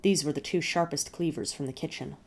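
Woman narrator, first-person story reading, low voice, steady pacing. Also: a little fast.

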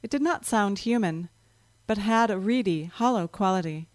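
A woman narrating a story in a calm, measured reading voice. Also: medium pitch, dry recording.

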